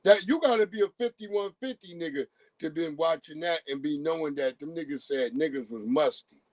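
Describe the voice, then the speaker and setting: Animated, profane man on a livestream. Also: a little high, no room sound. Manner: profane and animated, acts out quoted voices. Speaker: livestream host. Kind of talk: casual livestream commentary.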